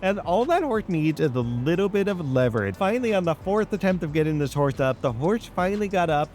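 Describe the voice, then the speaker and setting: A man's voice: fairly high pitch, animated, a little fast, a little mellow, a little hiss or hum. A man hosting a train-simulator gameplay video, chatting casually and telling rambling stories straight to his viewers. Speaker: gaming channel host. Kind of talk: casual gameplay chat and storytelling.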